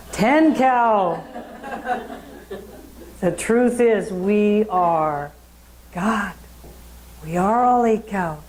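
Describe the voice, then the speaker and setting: A woman's voice: medium pitch, low-quality recording. A woman giving a sermon at a spiritual centre, telling a story in a conversational way and putting questions to the audience.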